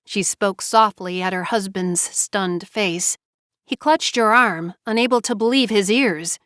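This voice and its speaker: A woman narrating a novel with even, unhurried storytelling. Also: mid-range voice, dry recording, studio quality. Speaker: audiobook narrator. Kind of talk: scripted narration.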